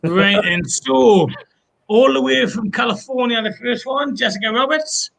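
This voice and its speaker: A man co-hosting a casual online pun show, reading listener jokes aloud in a brisk, chuckling way. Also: extremely high pitch, gravelly, a bit bright. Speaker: co-host reading listener puns.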